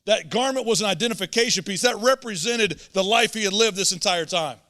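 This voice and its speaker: A man's voice: high voice, brisk, pushed and bright. A man preaching a sermon as a pastor, earnest and emphatic, often repeating words as he presses a point. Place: church auditorium. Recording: long church hall reverb.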